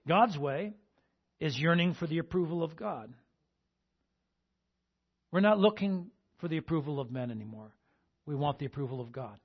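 A man's voice: fairly high pitch, expressive, moderate pace, long pauses, slightly rough, muffled recording. A male pastor preaching a sermon and asking the congregation "amen?" between points. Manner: call-and-response, repeating "amen?" to the congregation.

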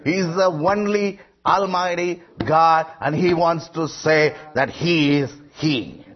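A man's voice: on the high side, slow. A man preaching a sermon, emphatic and rising on quoted lines, with frequent hesitations. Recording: muffled lo-fi recording.

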